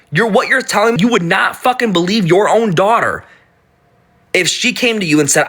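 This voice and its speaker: A man's voice: high-pitched, lively intonation, normal speed, a bit bright. A man in his thirties talking casually on a live stream, blunt and profane, often stumbling and restarting his sentences.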